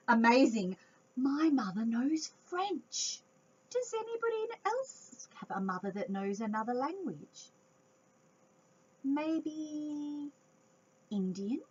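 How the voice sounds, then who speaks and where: A woman reading a picture book aloud to young children, expressive and chatty with her listeners. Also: high voice, takes it slowly, long pauses, husky. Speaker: children's storytime reader. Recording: dull lo-fi home recording.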